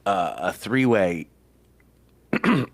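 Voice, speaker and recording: A man co-hosting a casual podcast chat, halting and restarting a lot. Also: on the low side, animated. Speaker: podcast co-host.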